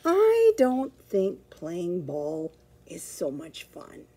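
A woman voicing a small, eager, polite male puppy in a storybook reading, with a squeaky, pleading voice. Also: wildly swooping pitch, very slow, warm tone, slight background noise, full character voice.

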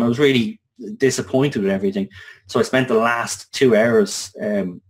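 A man's voice: fairly low pitch, rough recording. A man in his thirties with an Irish accent, a guest in an interview, recounting his past in an earnest, conversational way with casual swearing. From Ireland. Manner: earnest, conversational, swearing, with frequent restarts and fillers. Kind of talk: personal storytelling in an interview.

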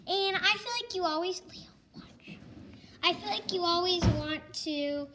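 A woman's voice: extremely high pitch, moderate pace. A young girl hosting a casual slime-making vlog at home, chatty and bossy as she directs her brother. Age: child. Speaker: vlog host. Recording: noisy home recording.

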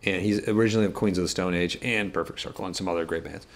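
A man who co-hosts a guitar shop channel tells a story in casual chat, rambling, joking and tossing in quick asides. His voice sits low with fairly even intonation.

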